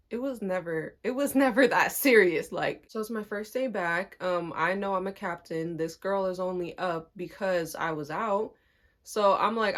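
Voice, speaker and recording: Animated young woman telling a story. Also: mid-range voice. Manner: animated, acts out quotes, laughs often. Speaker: storytime vlogger. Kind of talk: casual storytime.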